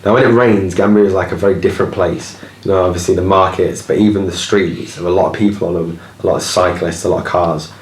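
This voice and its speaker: Deep-voiced man, echoey and distant. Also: fairly even intonation, fast talker, hardly any pauses, a little hiss or hum. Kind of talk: casual storytelling.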